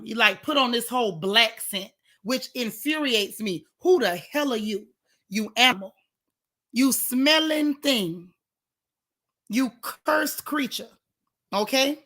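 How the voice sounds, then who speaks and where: Woman, vlog commentary, indignant, sarcastic, bright, higher pitch. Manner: indignant, sarcastic, talks straight to viewers. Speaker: gossip vlogger. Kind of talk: casual commentary.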